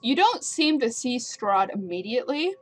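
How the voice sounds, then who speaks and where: A woman's voice: fairly high pitch, big pitch swings, normal speed. A woman narrating as game master of a tabletop game, describing scenes and laughing along with her players.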